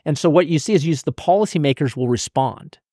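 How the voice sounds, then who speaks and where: A man's voice: on the high side, expressive, fast talker, warm tone, dry recording, clean studio sound. An American man as an interview guest, explaining emphatically and often repeating words as he restarts. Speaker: banking analyst guest. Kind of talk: conversational explaining.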